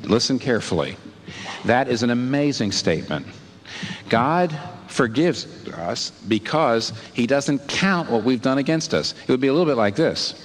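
A man in his middle register preaches a sermon with a very lively, swinging intonation. He asks the listeners questions and jumps up in pitch for emphasis. His voice rings out in a large hall with a long, trailing reverb. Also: normal speed, slight background noise. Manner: animated, rhetorical questions, pitch leaps for emphasis.

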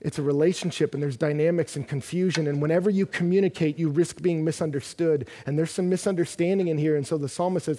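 A man preaching a sermon, earnest and building from quiet passages to loud, intense ones. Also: on the high side, steady tone, fast talker, hardly any pauses. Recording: long reverb of a large hall.

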